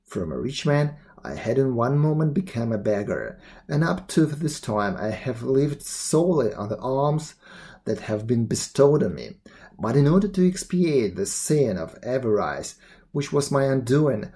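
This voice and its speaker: A man narrating a classic tale aloud in a steady, even reading voice. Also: medium pitch, a little slow. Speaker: storyteller. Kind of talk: storybook read-aloud narration.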